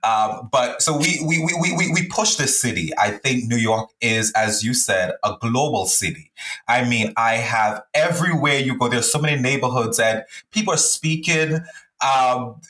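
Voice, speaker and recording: A man's voice: medium pitch, normal speed, bright, forceful tone, reverberant, poor audio. A man hosting a podcast interview, conversational, often laughing and restarting his sentences. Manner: conversational, laughs often, repeats words when starting sentences. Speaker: podcast host. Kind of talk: casual interview chat.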